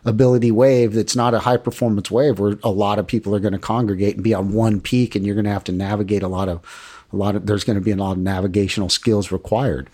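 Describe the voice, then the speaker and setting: A man's voice: fairly low pitch, quick pace. A man talking casually about surfing, rambling and acting out the voices of people in his stories. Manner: rambling, animated, acts out quoted voices. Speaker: surfer guest. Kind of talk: casual chat.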